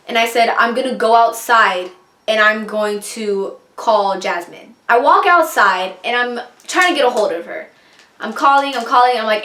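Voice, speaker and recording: Animated young woman telling a story. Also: on the high side, normal speed, roomy sound. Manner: animated, acts out quotes. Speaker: vlogger. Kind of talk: storytime vlog.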